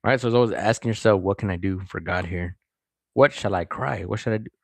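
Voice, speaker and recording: A man's voice: on the low side, fast, vocal fry, dry recording. A man reading a chapter of scripture aloud and breaking off to comment on it and greet his viewers. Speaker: scripture reader.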